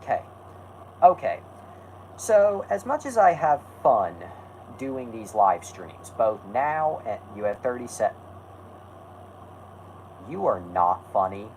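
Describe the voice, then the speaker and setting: A man's voice: medium pitch, very animated, slow pace, darkish tone, a little hiss or hum, rough recording. A man hosting a live stream, talking casually and rambling, correcting himself and snapping back at his chat.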